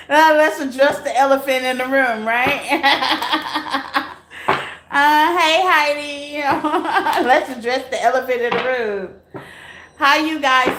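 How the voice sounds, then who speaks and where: High-voiced, laughing woman tarot streamer. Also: slow, reverberant, a little hiss or hum. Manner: laughs often, bursts into loud high exclamations. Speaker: tarot reader hosting a live stream. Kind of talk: casual live tarot reading to chat viewers.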